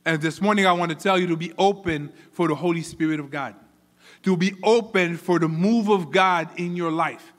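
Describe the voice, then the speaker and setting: A man preaching a sermon as pastor, animated, often repeating words as he builds a point. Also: a little high, moderate pace, big-room sound. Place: church.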